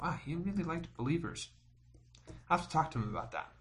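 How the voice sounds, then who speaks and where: A man's voice: fairly high pitch, big pitch swings, fast, a bit bright. A man co-hosting a podcast, chatting casually and reading a listener's email aloud with chuckles and asides. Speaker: podcast co-host.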